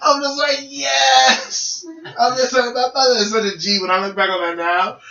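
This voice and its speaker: A young man co-hosting a podcast, telling an animated, laughing story among friends and acting out the voices of the people in it, swearing freely. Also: high-pitched, quick pace, dull audio. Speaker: podcast co-host. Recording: roomy echo, mic at a distance.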